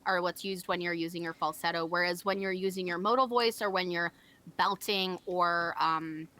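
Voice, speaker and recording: A woman's voice: on the low side, steady tone, normal speed, sharp tone. A young woman co-hosting a game stream, explaining singing technique casually with many fillers. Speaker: co-host.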